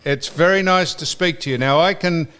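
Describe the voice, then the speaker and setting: Australian man, fairly high voice, yarning. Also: normal speed, crowd noise. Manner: animated storyteller who acts out both sides of a phone call; swears freely and laughs between lines. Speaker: podcast host. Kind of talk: casual podcast chat.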